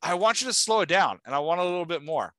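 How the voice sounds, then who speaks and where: A man chats eagerly as a podcast host. His voice is bright and forceful, and the dry recording keeps it close and upfront. He talks fast and loose, full of fillers. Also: high-pitched, lively intonation, no echo. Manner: enthusiastic, chatty, lots of "like". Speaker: podcast host giving writing feedback. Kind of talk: casual chat.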